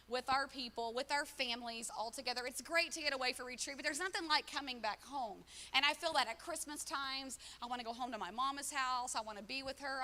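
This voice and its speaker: Woman pastor, high bright voice, chatty sermon in a reverberant church. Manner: conversational preaching with quoted dialogue. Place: church auditorium. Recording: long hall reverb.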